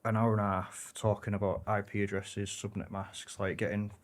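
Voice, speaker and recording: A man with a fairly low voice sits in as a podcast guest. He talks in a relaxed, rambling way, often correcting himself and swearing casually. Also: normal speed. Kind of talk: casual chat.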